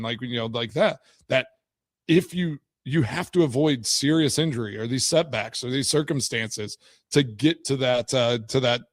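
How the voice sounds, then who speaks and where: A man hosting a sports talk radio show, rambling along with lots of "like" and "you know" as he chats. His voice sits in a middle register, and the studio sound is close and dry with no room echo. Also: mid-range voice. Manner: rambling, chatty, many fillers and restarts. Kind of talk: casual sports radio chat. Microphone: studio microphone.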